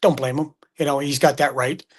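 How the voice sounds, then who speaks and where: A man's voice: medium pitch, fairly quick. A middle-aged man, a hockey broadcaster telling stories in casual sports chat and acting out the quotes. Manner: animated storyteller, acts out quotes.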